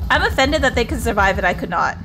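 Lively swearing woman streamer. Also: a little high, fast, a little hiss or hum. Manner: chatty, swears a lot, talks to herself and chat. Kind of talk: casual gameplay commentary.

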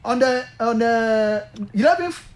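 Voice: mid-range voice, expressive, measured pace. A football pundit with a Ghanaian accent argues passionately in a sports talk discussion, repeating points and addressing the host by name.

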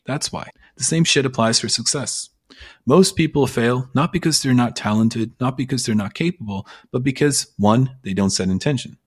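Husky, blunt man giving a motivational talk. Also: medium pitch, moderate pace. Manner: blunt, casual, sprinkled with profanity; emphatic, persuasive. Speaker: self-help creator. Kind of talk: motivational monologue.

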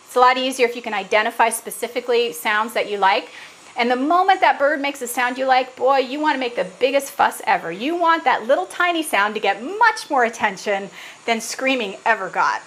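A woman's voice: a little high, expressive, a little fast, a bit bright, poor audio. A middle-aged woman, an animal trainer, patiently explaining parrot training with examples over a video call. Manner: earnest, patient, example-driven.

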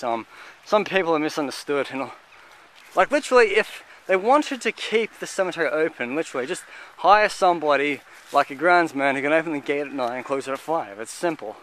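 A man giving casual, halting commentary as he walks through an outdoor cemetery, listing what he sees with many fillers. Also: on the high side, fairly bright tone, a little hiss or hum. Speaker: vlogger touring a cemetery.

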